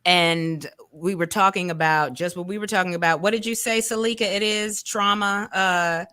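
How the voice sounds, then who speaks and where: A woman hosting a talk show as a coach, speaking in an animated, rambling way with colloquial asides and self-corrections. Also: lowish voice, moderate pace, clear, resonant tone, no echo, studio quality. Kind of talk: casual conversational interview.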